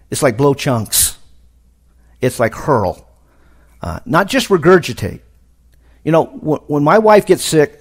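Animated preaching man, booming rises. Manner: animated preaching with sudden loud emphatic rises. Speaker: pastor. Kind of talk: sermon. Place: conference hall.

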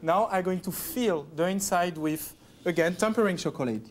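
A man in his thirties with a French accent demonstrates chocolate techniques as a TV pastry chef, chatty and joking as he lays out each step in the studio kitchen. His voice is high and moves at a moderate pace, with a slight hiss or hum audible.

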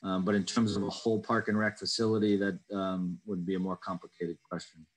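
Hesitant low-voiced man on a video call. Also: flat delivery, a little fast, slightly rough, low-quality recording. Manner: hesitant, many ums and uhs, careful answers. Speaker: committee chair reading public questions. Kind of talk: online public meeting Q&A.

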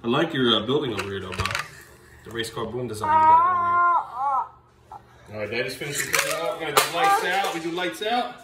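Frustrated dad scolding his kid, lively pitch swings, background noise clearly audible. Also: quick pace. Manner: exasperated, scolding, loud and sharp at times. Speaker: father. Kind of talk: family home vlog.

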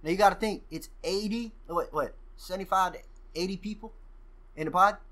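Bright-voiced man telling stories, profane and animated. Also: sits high, brisk. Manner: profane, animated storyteller who acts out quoted exchanges. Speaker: podcast guest. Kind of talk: casual storytelling.

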